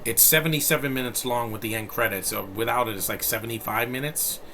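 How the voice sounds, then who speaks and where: A man's voice: medium pitch, fast talker, pushed and bright, a little hiss or hum. A man in his thirties from New York City, giving a casual and blunt film review, rambling with plenty of fillers and profanity. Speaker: movie reviewer.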